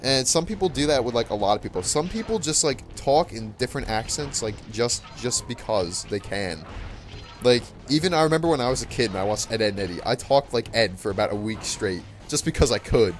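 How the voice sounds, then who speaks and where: A man's voice: medium pitch, animated, brisk, faint music behind. A teenage boy ranting casually over gameplay, rambling with lots of fillers and restarts in a puzzled tone. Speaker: gaming channel host.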